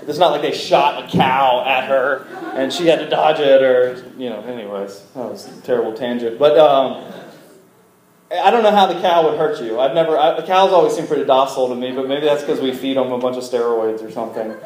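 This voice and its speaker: A young man preaching in a conversational storytelling style to a live audience, animated and asking them questions, with joking asides. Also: a little high. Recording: echoey hall.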